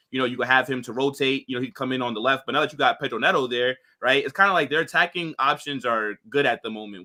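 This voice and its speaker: Casting: casual male football pundit with a bright, forward tone, rambling and opinionated. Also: mid-range voice. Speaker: panelist.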